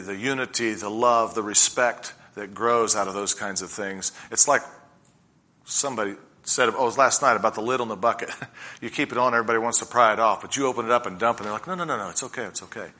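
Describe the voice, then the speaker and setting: A middle-aged man preaching a sermon with personal stories, earnest and slowing down to stress key points. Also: lowish voice, steady tone, sharp tone.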